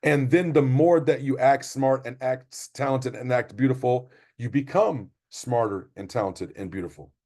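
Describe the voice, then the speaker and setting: Middle-aged male coach, mid-pitch voice, emphatic and repetitive motivational delivery. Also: moderate pace, hardly any pauses, mellow. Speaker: basketball coach. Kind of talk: parent training presentation.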